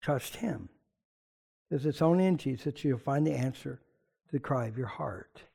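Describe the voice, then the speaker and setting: A man preaching a sermon to his church in a lively, conversational way, with chatty asides. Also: medium pitch, moderate pace, gravelly, breathy edge. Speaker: pastor.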